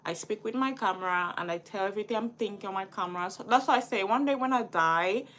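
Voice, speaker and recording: A woman's voice: medium pitch, quick pace, fairly bright tone. A woman in her early twenties telling a personal story in a vlog, rambling and full of "like". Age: 20s. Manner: rambling, heavy use of "like", restarts.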